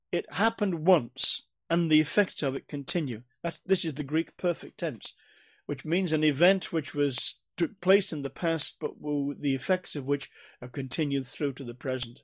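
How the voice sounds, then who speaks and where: A man's voice: fairly high pitch, measured pace, no echo. A man giving an expository Bible teaching, earnest and emphatic, often repeating and restarting phrases as he explains. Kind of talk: expository sermon.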